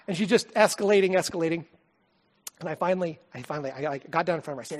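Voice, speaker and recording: A man preaching a sermon, telling a personal story in an earnest, heartfelt way and often dropping to a soft, quiet voice. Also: high-pitched, animated, fast talker. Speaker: pastor.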